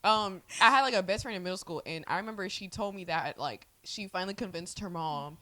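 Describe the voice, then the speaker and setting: Teasing young woman with a bright voice. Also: mid-range voice, no room sound. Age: 20s. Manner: teasing, quick to laugh. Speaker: podcast co-host. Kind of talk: casual chat.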